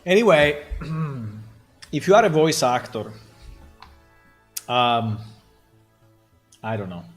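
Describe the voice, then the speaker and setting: A man talks loosely on a live stream about developing his game. His pitch sits in an ordinary middle range, and he doubles back and repeats himself often as he reacts. Faint music plays underneath him. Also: big pitch swings, takes it slowly, long pauses. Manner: chatty, amused, many restarts and repeated words. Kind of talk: casual live-stream commentary.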